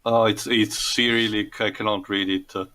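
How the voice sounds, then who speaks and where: A man's voice: fairly low pitch, level tone, moderate pace, sharp tone. A man giving casual, wry movie commentary as a co-host. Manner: wry, sarcastic quips. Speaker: podcast co-host.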